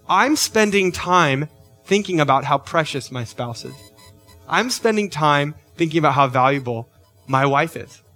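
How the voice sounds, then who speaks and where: A man's voice: a little high, fairly bright tone. A middle-aged man preaching a sermon as pastor, earnest, often checking in with "right?" and lifting his voice on key questions.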